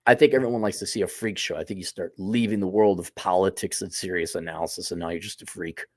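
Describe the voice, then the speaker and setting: A man's voice: sits low, steady tone, fast talker, a little mellow, dry recording, studio quality. A man hosting a casual opinion monologue, talking in a blunt, sardonic, profane way. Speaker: host.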